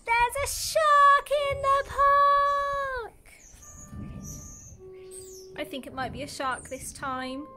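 A woman, a nursery teacher, reading a picture book aloud to young children in an animated way, full of gasps. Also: high voice. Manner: animated, gasping, exaggerated storyteller.

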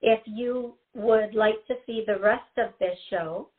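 A woman's voice: a little high, slow. A woman hosting a call-in radio show as a psychic, chatty and given to giggling, repeating her warnings to the caller. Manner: chatty, giggly, gives advice in repetitive warnings. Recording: tinny phone-like audio.

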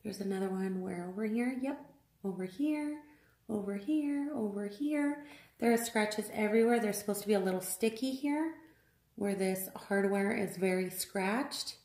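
A woman's voice: mid-range voice, normal speed, darkish tone. Upset woman vlogging in an echoey room. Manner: upset, exasperated, repeats herself, many fillers. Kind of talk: unboxing vlog complaint.

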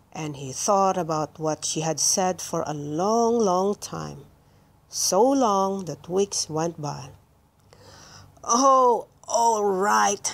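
Slow woman reading a picture book. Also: medium pitch, darkish tone. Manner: slow, clear storytelling. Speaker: storybook reader. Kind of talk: children's read-aloud narration. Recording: music playing behind.

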